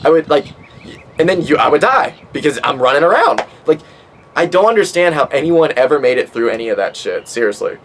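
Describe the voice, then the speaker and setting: A man's voice: a little high, sing-song, a little fast, slight background noise, low-quality recording. A man in his twenties hosting a podcast, rambling casually with lots of swearing and fillers, stoned. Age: 20s. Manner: profane, rambling, with many fillers. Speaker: podcast host.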